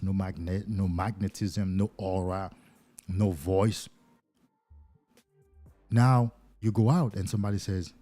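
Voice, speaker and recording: A fairly low-pitched man, not a native English speaker, works as a life coach and addresses viewers on a livestream. He speaks animatedly, acting out little scenes.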